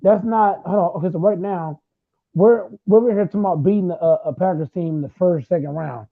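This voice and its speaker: A young man in his late twenties argues football with loud, repeating trash talk. His voice sits high and gravelly. The sound is thin and tinny, like a phone line. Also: brisk, no room sound. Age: late 20s. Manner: loud, repetitive, trash-talking. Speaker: host. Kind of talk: heated casual sports argument.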